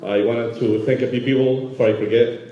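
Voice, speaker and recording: A man from Yemen giving a halting, emotional award acceptance speech full of fillers at a gala. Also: mid-range voice, steady tone, heavy background noise. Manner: halting, many fillers, moved. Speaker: award recipient. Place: large banquet hall. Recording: roomy hall, dull sound.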